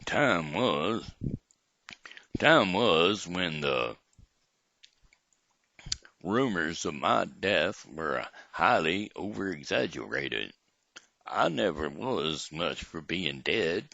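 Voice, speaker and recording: A man doing an impression of an old drawling humorist, slow and hushed, with a dull lo-fi sound. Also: low voice, lively intonation, vocal fry, dry recording, full character voice. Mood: wry.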